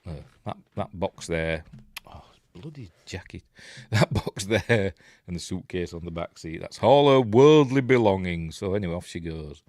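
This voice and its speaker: A man's voice: lowish voice, no echo, studio quality. A man with a Yorkshire accent giving casual, rambling film commentary, often correcting himself and chuckling at his own asides. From England. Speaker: film reviewer.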